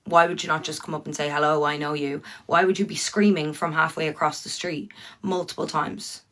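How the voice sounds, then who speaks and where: A woman's voice: sits low, fairly even intonation, a little fast, a bit bright. An Irish woman ranting bluntly to her viewers on a livestream, swearing freely and talking straight to them.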